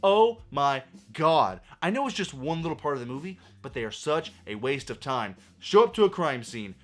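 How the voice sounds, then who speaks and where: A man's voice: a little high, sing-song, a little fast. A man ranting through a movie review, sarcastic and profane, full of exasperation.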